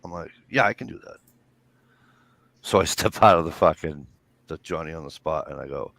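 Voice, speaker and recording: A man's voice: rumbling low, moderate pace, vocal fry, long pauses, fairly bright tone, no echo. A man, telling rambling, swear-filled stories in casual chat. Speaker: storyteller.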